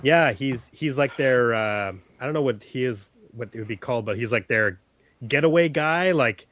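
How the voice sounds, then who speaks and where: Male co-host, relaxed and casual, dry close recording. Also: mid-range voice, moderate pace, no echo. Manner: easygoing, laid-back, lots of "like" and "yeah". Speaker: podcast co-host. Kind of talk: casual movie chat.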